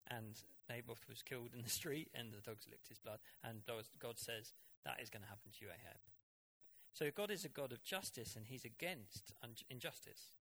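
Man preaching a sermon, bright tone, chatty and animated, reads a verse then talks it through. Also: medium pitch, moderate pace, hardly any pauses, slight background noise. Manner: animated, conversational Bible exposition.

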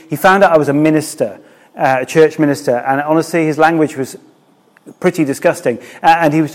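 Man, church minister, sermon, conversational, slightly high voice, echoing hall. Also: a little fast. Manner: candid, conversational preaching.

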